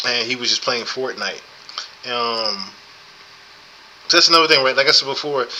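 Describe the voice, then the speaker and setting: A man's voice: mid-range voice, pushed and bright, a little hiss or hum, poor audio. A man hosting a podcast, chatting casually and rambling with many fillers as he thinks aloud. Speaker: podcast host. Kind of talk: casual commentary chat.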